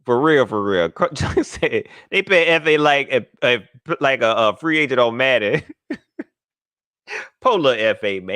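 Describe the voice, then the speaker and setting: A male host on a live sports call-in show, talking loosely in slang and joking through listener comments. His voice is bright and lively, with big swings in pitch. The sound is close and dry, with no room around it. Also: unhurried, dry recording. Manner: animated, slangy, jokey, reads viewer comments aloud.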